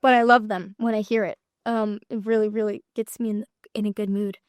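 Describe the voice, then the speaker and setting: An actress chatting as an interview guest, giggling often and trailing off with lots of fillers. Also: female voice, medium pitch, little pitch movement, fairly quick, clean tone, no room sound, studio quality. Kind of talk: casual interview chat.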